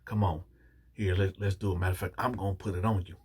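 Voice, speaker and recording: A pushy, menacing woman prison officer, as a man quotes her in his own low, husky voice. She presses in a hushed, insistent tone that threatens more than it asks. Her voice stays low and rough. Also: fairly even intonation, quick pace.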